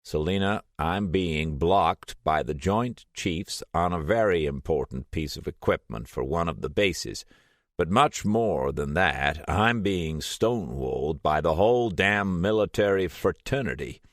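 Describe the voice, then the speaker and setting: Narrator doing a commanding male professor, deep voice, urgent, audiobook. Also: lively intonation, measured pace, no room sound, clean studio sound. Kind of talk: audiobook character voice.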